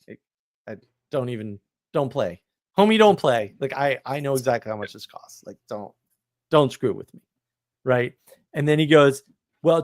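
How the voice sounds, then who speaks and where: A man, telling a story on a live stream in an animated, indignant way. He laughs often and repeats words. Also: mid-range voice, dry recording. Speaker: podcast host.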